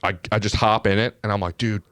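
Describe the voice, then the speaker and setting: Young guy rambling through a wild story, low smooth voice, dry close mic. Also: fairly even intonation, fast, fairly bright tone, no room sound. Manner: casual, fills with "like" and "dude". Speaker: storyteller guest. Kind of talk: casual comedic storytelling.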